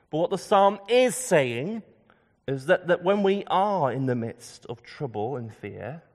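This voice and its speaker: Guy preaching, fairly high voice that swoops up and down, long hall echo. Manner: emphatic, dropping low and soft on key words. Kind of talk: sermon. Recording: long reverb of a large hall.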